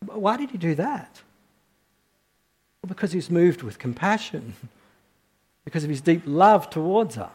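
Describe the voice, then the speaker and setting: High-voiced preacher, dynamic sermon delivery. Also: male voice, sing-song, a little slow, pauses often, husky. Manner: swings from quiet, low reflection to loud, high-pitched questioning.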